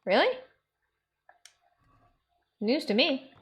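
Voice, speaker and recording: A woman's voice: high-pitched, lively intonation, extremely slow. A woman streaming a game and chatting casually and playfully with viewers, laughing often; her first language is German. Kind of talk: casual gameplay commentary.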